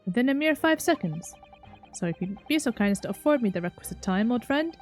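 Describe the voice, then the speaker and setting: A woman's voice: a little high, expressive, brisk, soft background music, close to an everyday voice. A woman voicing a flamboyant, smug male Victorian detective, speaking in a grandiose, formal, theatrical way. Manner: grandiose, theatrical, old-fashioned formal speech.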